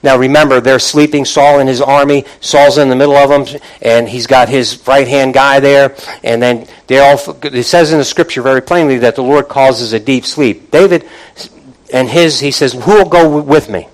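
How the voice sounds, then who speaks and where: A man's voice: mid-range voice, steady tone, moderate pace, low-quality recording. A man preaching a sermon, retelling scripture in a casual conversational way, often restarting phrases and asking the congregation for responses. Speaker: pastor.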